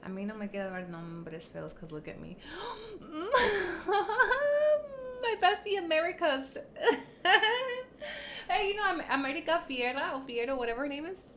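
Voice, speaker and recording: A woman's voice: sits high, big pitch swings, fast, few pauses, fairly bright tone, a little hiss or hum. A woman livestreaming in casual chat, blunt and profane, teasing and laughing often, slipping into Spanish phrases.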